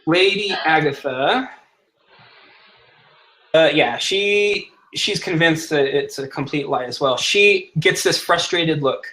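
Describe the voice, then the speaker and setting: A man's voice: on the high side, slow, bright, forceful tone, poor audio. A man narrating as game master of a tabletop role-playing game, who plays the characters in his own voice.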